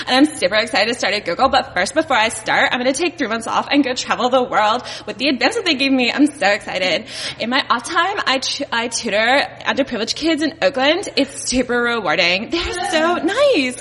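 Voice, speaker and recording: A woman's voice: high voice, sing-song, fairly quick, hardly any pauses, a bit bright. A woman doing a bubbly Valley Girl. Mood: gushing. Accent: Californian Valley Girl, put on. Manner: gushing, upspeak. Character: bubbly young Valley Girl, a fresh graduate. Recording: noisy live venue with long reverb.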